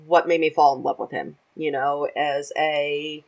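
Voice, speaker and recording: Low-voiced chatty woman laughing easily. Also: fairly even intonation, a little slow, rough recording. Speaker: podcast guest and streamer. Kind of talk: casual chat.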